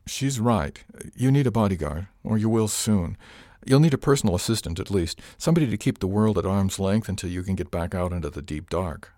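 A man's voice: sits low, lively intonation, a little fast, a little mellow, no echo, studio quality. A man voicing a shrewd, wry older woman captain who speaks matter-of-factly, in an audiobook.

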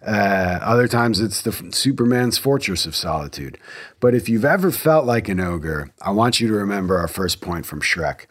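A man's voice: fairly low pitch, lively intonation, normal speed. A man in his thirties hosting a casual solo podcast from a home garage, enthusiastic and rambling, often restarting his sentences. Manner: enthusiastic, rambling, self-correcting. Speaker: podcast host.

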